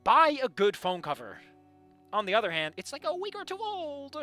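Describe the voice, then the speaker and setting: A man reading a story aloud and breaking off with animated, sarcastic asides to the characters. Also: extremely high pitch, normal speed, dry recording, faint music behind. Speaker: fanfiction reader.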